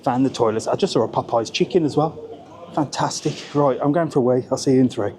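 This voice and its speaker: Fast and a little mellow, this medium-pitched voice belongs to a Birmingham man with a Brummie accent, vlogging casually as he travels through train stations amid noisy ambience. He's talkative and grumbly, dropping casual swear words.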